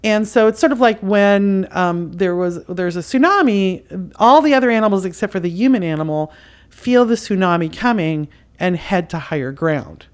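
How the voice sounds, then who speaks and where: A woman's voice: mid-range voice, expressive, normal speed. A woman hosting a podcast, giving a spiritual commentary monologue in an impassioned, emphatic, casual way with frequent fillers. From outside the US. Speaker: podcast host.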